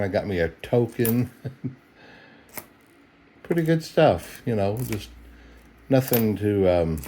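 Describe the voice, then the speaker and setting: He's a middle-aged coin roll hunter whose lowish, mellow voice comes through a little hiss or hum. Tired and yawning, he chats in an easygoing, folksy way while going through coin rolls late at night at home.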